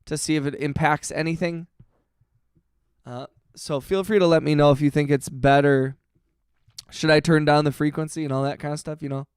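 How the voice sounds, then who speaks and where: A man's voice: a little high, steady tone, normal speed, clean tone, dry recording, clean studio sound. A man hosting a music-making livestream from his phone, chatting casually with viewers, greeting them by name and laughing often. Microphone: phone mic.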